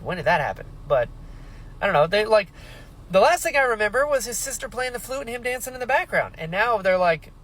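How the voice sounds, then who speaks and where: A young man hosting a casual book reaction, talking animatedly and acting out the characters in quick quoted voices. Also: high-pitched, fairly bright tone, poor audio.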